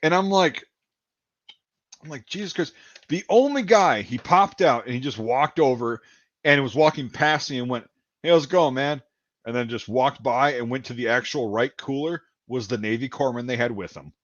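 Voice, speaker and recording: A man's voice: mid-range voice, moderate pace, a bit bright, no room sound. A man from Wisconsin telling a rambling story in casual chat, repeating words and acting out what people said. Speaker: podcast host. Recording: dull lo-fi dry sound.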